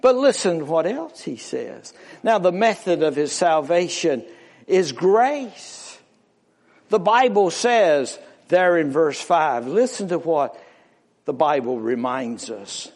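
A man's voice: on the high side, lively intonation, slow, darkish tone. A male preacher delivering a sermon with dramatic rises and falls, often calling out to the listener as "my friend". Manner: dramatic rising and falling delivery, calls out "my friend". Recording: long hall reverb.

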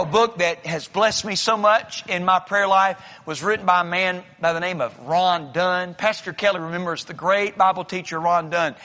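A man's voice: high voice, bright, forceful tone. A man preaching a sermon as pastor, telling folksy stories and acting out the voices of the people in them. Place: church sanctuary. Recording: long reverb of a large hall.

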